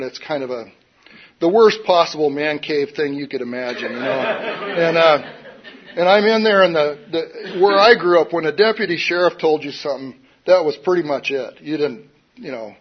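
A man's voice: a little high, husky. A man telling a personal recovery story in a wry, self-mocking, rambling way, often saying "you know". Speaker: recovery speaker. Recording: dull lo-fi recording.

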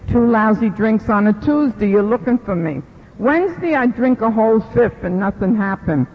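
A middle-aged woman gives an animated personal testimony at a recovery meeting, acting out the voices she quotes. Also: a little high, normal speed. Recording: lo-fi recording in a reverberant hall.

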